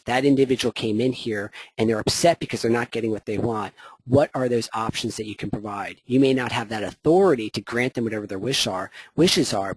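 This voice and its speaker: A man's voice: medium pitch, slightly rough, no echo, poor audio. A man leading a workplace training session, chatty and rambling, with lots of fillers and self-corrections. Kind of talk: conversational training talk.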